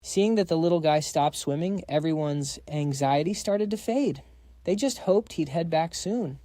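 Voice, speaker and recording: A man's voice: fairly high pitch, measured pace, dark tone, no room sound, clean studio sound. A man narrating a comic recap in a casual, slangy storytelling voice, reading every part himself.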